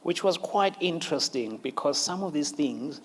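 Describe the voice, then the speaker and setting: A man hosting a conversational interview, telling lively stories and laughing often as he acts out quotes. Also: on the high side, normal speed. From South Africa. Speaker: interview host.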